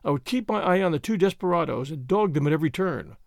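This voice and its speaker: A man reading a first-person story aloud in an expressive, measured storytelling manner. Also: a little high, gravelly, no room sound, studio quality. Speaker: audiobook narrator.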